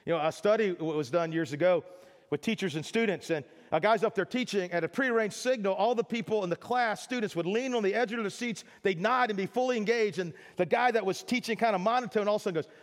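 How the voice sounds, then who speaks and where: A man's voice: high-pitched, quick pace, long reverb tail. A man preaching a sermon as pastor, talking conversationally and acting out little everyday scenes for his congregation.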